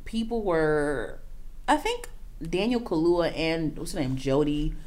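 A woman with a low-pitched voice talks in a loose, casual podcast chat. She is animated, swears freely and keeps firing off disbelieving questions. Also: measured pace.

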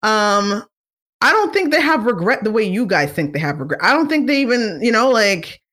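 A woman hosting a casual talk show, chatting in an animated, opinionated way with many fillers and asides. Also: on the high side, moderate pace. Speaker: podcast host. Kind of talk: casual chat.

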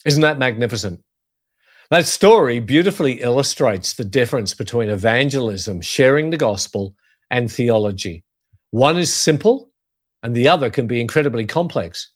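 A man preaching as a pastor, earnest and measured, leaning on key phrases for emphasis. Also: mid-range voice, expressive, no echo, clean studio sound. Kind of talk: sermon-style teaching.

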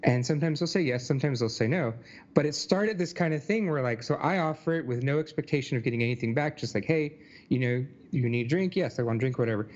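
A man's voice: mid-range voice, a little mellow. Brief: male podcast co-host, casual rambling talk, slightly muffled lo-fi sound. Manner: rambling, many likes and you knows. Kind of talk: casual chat.

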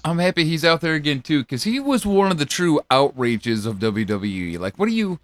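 A man co-hosting a casual wrestling podcast, animated, laughing and swearing. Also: a little high, fairly quick, no echo. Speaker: podcast co-host. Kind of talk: casual live-reaction chat. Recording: loud crowd noise behind.

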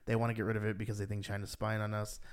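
A man's voice: very fast, smooth. A man co-hosting a podcast, chatting casually and rambling with lots of "like", his voice rising when he gets worked up. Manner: rambling, heavy use of "like", rises in pitch when animated. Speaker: podcast co-host. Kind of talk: casual chat.

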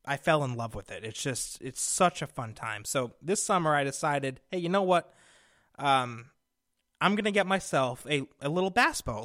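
Animated high-voiced male radio host. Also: no room sound, studio quality. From Connecticut. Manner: animated, exasperated storytelling with fillers. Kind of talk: casual storytelling monologue. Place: radio studio. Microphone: studio microphone.

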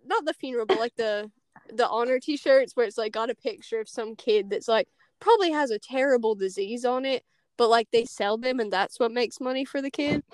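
Giggly girl hosting a podcast, high voice, rambles with lots of likes, dry close mic. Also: fairly quick, dry recording. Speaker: podcast host. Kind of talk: casual chat.

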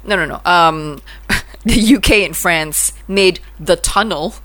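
A woman's voice: on the low side, takes it slowly, very noisy. A woman chatting casually about films, restarting and repeating words as she searches for them.

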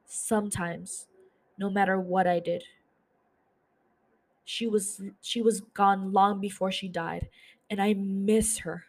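A woman reading aloud the lines of a grieving middle-aged man who is remembering his late mother, in her own plain voice, slow and tender. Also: medium pitch, steady tone, darkish tone.

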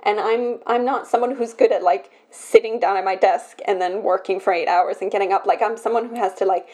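A young woman on her own podcast, talking through something personal in an emotional, halting way, full of restarts. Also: a little high, warm tone. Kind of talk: personal confessional talk.

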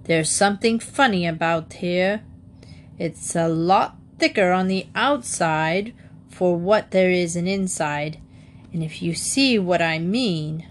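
A woman voicing a gruff, pompous male doorman who blusters with suspicion, in a read-aloud storybook. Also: on the low side, slow, a little hiss or hum. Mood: blustering.

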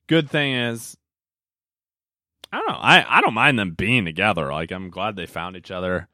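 A man's voice: lowish voice, bright, forceful tone, clear, resonant tone, no echo, studio quality. A young man talking casually on his solo podcast, rambling with lots of fillers and self-corrections. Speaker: podcast host.

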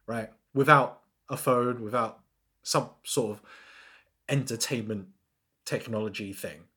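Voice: mid-range voice, moderate pace, bright, forceful tone. A podcast co-host in casual chat who pushes back with questions and leans on "like" a lot. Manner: questioning, uses "like" as filler a lot.

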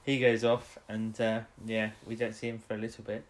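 A man's voice: on the low side, completely flat delivery. A man co-hosting a podcast in casual chat, rambling through a recap and acting out characters' lines. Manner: rambling recap, acts out lines in quick voices. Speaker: podcast co-host.

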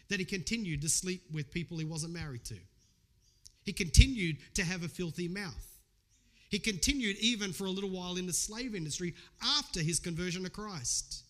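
Middle-aged male pastor, fairly high voice, earnest conversational sermon delivery. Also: a bit bright. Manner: earnest, conversational preaching with personal stories.

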